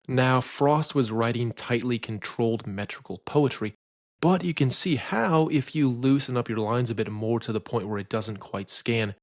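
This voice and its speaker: Male poetry lecturer, mid-pitched, opinionated and didactic, dry close recording. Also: no echo. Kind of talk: scripted educational narration.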